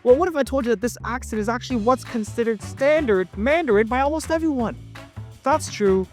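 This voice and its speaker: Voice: mid-range voice, fairly quick, a little mellow, faint music behind. A narrator and language teacher giving scripted explainer narration in a playful, jokey way.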